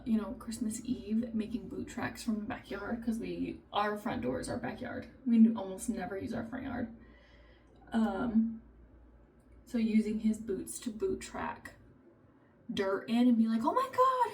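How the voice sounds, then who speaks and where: A woman in her thirties, a mother of three, chatting casually to camera and telling family stories with animated quoted lines. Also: mid-range voice, measured pace, distant mic, a little hiss or hum.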